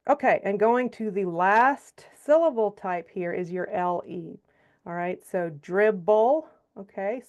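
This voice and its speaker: A woman giving a phonics lesson to teachers, sounding out syllables slowly and checking in with frequent okays. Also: mid-range voice, a little mellow, muffled recording. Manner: explains step by step, checks in with frequent okays and all rights; sounds out syllables slowly and stretches example words. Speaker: reading teacher trainer. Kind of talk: instructional presentation.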